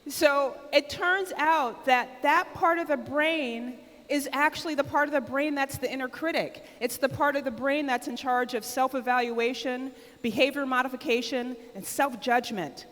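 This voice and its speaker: An American woman speaking at a conference, her voice sitting a bit high and full of eager energy. She draws the audience in and urges them to call out answers, at times nearly shouting. The sound rings with the long reverb of a large hall. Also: normal speed. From United States. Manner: loud and excitable, close to shouting. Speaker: keynote speaker. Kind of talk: conference keynote talk.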